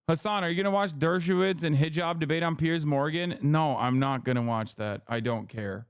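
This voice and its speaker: A man's voice: fairly high pitch, moderate pace, few pauses, clean tone, dry recording, studio quality. A man streaming live, giving casual, profane and sarcastic commentary on the news.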